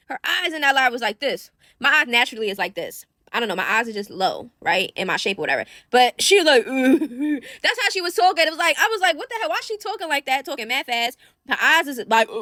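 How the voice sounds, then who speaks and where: Sassy high-voiced woman dishing celebrity gossip. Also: no room sound, clean studio sound. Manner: sassy, animated, slangy, addresses viewers as y'all and child. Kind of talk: casual gossip commentary to viewers.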